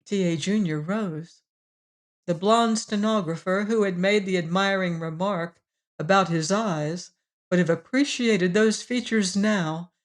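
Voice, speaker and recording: Woman reading a classic audiobook. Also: on the low side. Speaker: audiobook narrator. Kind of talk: scripted narration.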